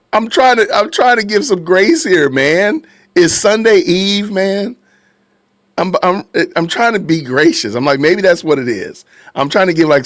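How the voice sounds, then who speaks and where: Hosting a live-stream podcast, a high-voiced man keeps up casual commentary, answering chat with recurring phrases and lots of laughter. The recording is dry.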